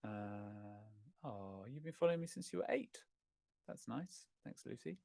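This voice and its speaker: A man's voice: lowish voice, big pitch swings, a little slow, vocal fry, a little mellow, dry recording. Chatty, rambling man, dry sound. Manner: chatty, rambling, self-correcting, self-deprecating. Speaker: host of a live chat stream. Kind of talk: casual chat answering viewer questions.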